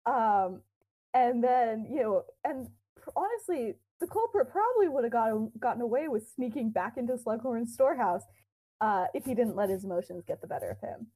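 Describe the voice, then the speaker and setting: A woman's voice: on the high side, animated, normal speed, warm tone, rough recording. A young woman co-hosting a podcast, casually retelling a fan-fiction story with quoted dialogue, lots of fillers and giggles.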